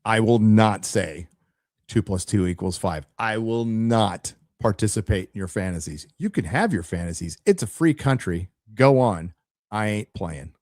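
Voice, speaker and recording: A man's voice: on the low side, lively intonation, a little slow, a little mellow, dry recording, studio quality. A man hosting a live show, giving blunt, opinionated commentary to his chat, with frequent stammered restarts. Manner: addresses chat directly. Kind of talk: casual opinionated livestream commentary.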